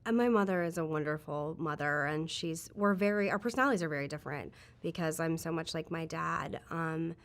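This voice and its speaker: Woman, low register, candid interview guest, reflective, filler-heavy. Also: fairly quick, hardly any pauses. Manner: chatty, frequent "like" fillers, reflective.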